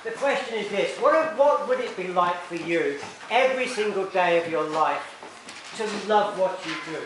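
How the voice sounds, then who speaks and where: A playful man hosts a creative-writing workshop for children and throws himself into silly voices and sound effects. His voice sits high. He is heard from a distance in a very echoey room, with loud audience noise behind him. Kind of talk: lively talk to a young audience. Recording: echoey room from far off, noisy.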